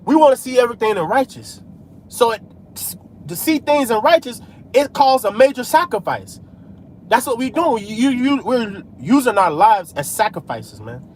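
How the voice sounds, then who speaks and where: A man's voice: very high voice, very animated, moderate pace, slight background noise. A man preaching in a casual street style, scattering "man" and "hey" through his talk while he drives. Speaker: religious vlogger.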